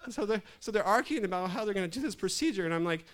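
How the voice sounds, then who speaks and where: A man's voice: high-pitched, very fast. A middle-aged man, a pastor, telling a funny story from the pulpit with frequent laughs. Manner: laughing often, animated storyteller. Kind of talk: humorous sermon storytelling.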